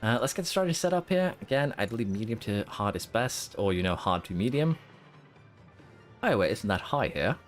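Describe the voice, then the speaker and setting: Low-voiced man rambling through a live game stream. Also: very animated, moderate pace, soft background music. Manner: rambling, thinking aloud with many fillers and restarts. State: hiccuping and holding them in. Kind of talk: casual live-stream commentary.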